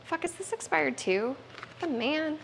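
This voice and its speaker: A woman's voice: sits high, lively intonation, a little slow, gravelly, slight background noise, low-quality recording. A woman streamer chatting casually, swearing now and then and talking to her puppy. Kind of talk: casual live-stream chat.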